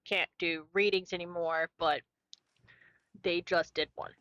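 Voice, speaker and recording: A woman's voice: on the low side, fairly even intonation, measured pace, fairly bright tone, no echo, dull audio. Chatty woman streaming a cozy game. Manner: chatty, playful, talks to a co-host and chat. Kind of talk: casual gameplay commentary.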